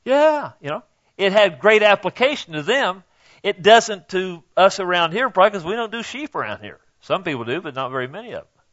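A man's voice: sits high, very animated, fairly quick, fairly bright tone, dull audio. An older man preaching a sermon in a folksy, conversational way, speaking directly to the congregation. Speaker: pastor.

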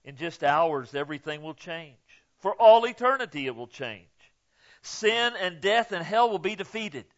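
A man delivers a sermon at an unhurried, deliberate pace, his voice sitting a bit high for a man. He talks to the congregation in a folksy way, tags his points with "okay?" and swings from hushed asides to loud, stressed peaks. The recording sounds a little dull and lo-fi. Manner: folksy and emphatic, punctuating with "okay?". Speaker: pastor.

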